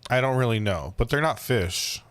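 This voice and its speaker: A man co-hosting a podcast in casual chat, with dry, jokey, deadpan delivery. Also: medium pitch, moderate pace, no echo. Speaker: podcast co-host.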